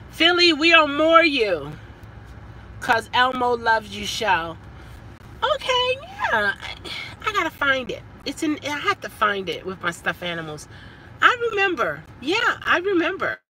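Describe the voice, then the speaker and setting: Animated, chatty woman. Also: high-pitched, a little hiss or hum, poor audio. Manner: chatty, animated, stumbling over words. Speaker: vlogger and rideshare driver. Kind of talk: casual chat.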